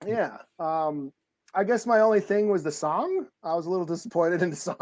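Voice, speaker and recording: A man's voice: sits high, lively intonation, brisk, darkish tone. A man co-hosting a podcast in casual chat, laid-back and joking, laughing a lot. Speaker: podcast co-host.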